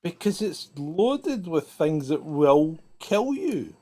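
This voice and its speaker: Bantering co-host, swearing freely. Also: male voice, a little high, very animated, slow pace, dark tone. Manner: bantering, swears, tells anecdotes. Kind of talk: casual chat on a live stream.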